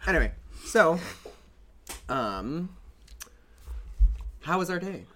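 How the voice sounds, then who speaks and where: A man's voice: a little high, takes it slowly, crowd noise. A man co-hosting a casual podcast, chatting playfully and telling stories with laughter. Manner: animated, playful storytelling with laughs. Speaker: podcast co-host. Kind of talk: casual chat.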